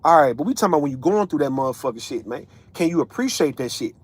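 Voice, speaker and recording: A man's voice: on the high side, animated, fast, husky. A man, ranting casually as an online commentator, profane and emphatic, tagging lines with right and man. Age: 30s.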